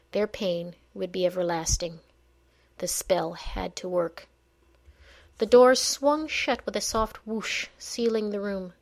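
A woman narrating a fantasy audiobook in a measured, even storytelling manner. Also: medium pitch.

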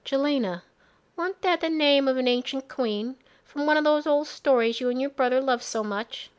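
A woman's voice: high voice, moderate pace, smooth, voice pushed up, lightly acted. A woman voicing an old female midwife, tender and motherly, with homely, rustic speech. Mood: tender, grieving.

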